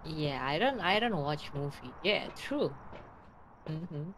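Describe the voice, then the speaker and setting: A woman speaks slowly and evenly while playing a ghost-hunting game, humming as she works and calling out loudly to the ghost. Her phrasing is simple and direct. Clear background noise runs under her voice. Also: sits low, lively intonation. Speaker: streamer. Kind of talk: casual gaming chat.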